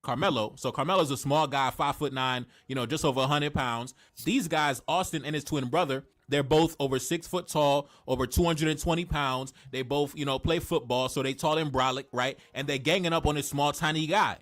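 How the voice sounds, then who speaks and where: A man's voice: fairly high pitch, a bit bright. A man commenting on a criminal case, talking in an explanatory way and often checking in with "right?".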